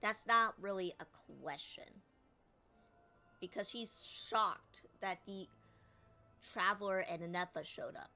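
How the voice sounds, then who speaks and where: A woman's voice: mid-range voice, takes it slowly, long pauses, bright, forceful tone, soft background music. A woman streamer commenting on a game, chatty and acting out lines herself. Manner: chatty, critiques and re-reads lines.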